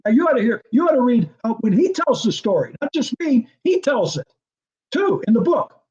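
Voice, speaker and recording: Speaking at a normal speed in an extremely high voice, a former football coordinator, now older, recounts a story during an interview and plays out the dialogue. The recording is muffled, and he laughs a lot while animatedly performing the quoted lines.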